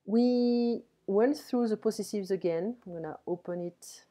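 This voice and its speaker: A woman with a French accent giving a relaxed online French lesson, explaining step by step and checking in with frequent "ok"s. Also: medium pitch. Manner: explains slowly, switching between French and English, with frequent "ok". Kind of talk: casual one-on-one French lesson. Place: home. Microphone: computer mic on an online call.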